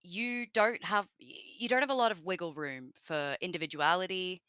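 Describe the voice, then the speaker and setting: A woman's voice: fairly low pitch, normal speed, pushed and bright, smooth, no room sound. A woman with an Australian accent, a guest in an interview, chatting casually with many fillers and laughs.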